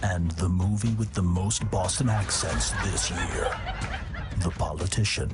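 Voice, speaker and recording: A man narrating a movie trailer in a booming, portentous voice-over. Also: a little slow, background noise. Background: loud trailer music.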